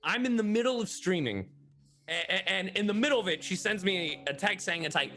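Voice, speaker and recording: A man's voice: high voice, lively intonation, fairly quick, pushed and bright, faint music behind. A man, a voice actor on a panel, telling a story in casual chat with stammered restarts.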